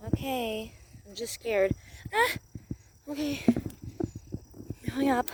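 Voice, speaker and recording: A woman narrating a playful doll role-play in an excitable voice, gasping and exclaiming as she goes. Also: on the high side, slow pace, pauses often, slight background noise.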